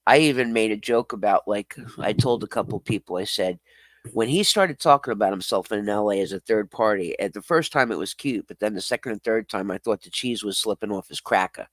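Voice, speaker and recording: A man's voice: lowish voice, brisk, a bit bright, dry recording. A man streaming live, reading chat comments aloud and answering them bluntly. He swears freely, laughs often and talks straight back to his viewers.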